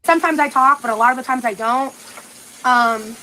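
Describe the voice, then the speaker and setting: A woman's voice: high-pitched, moderate pace, sharp tone, low-quality recording. Valley-girl young woman with uptalk. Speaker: livestreamer. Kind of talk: casual livestream chat.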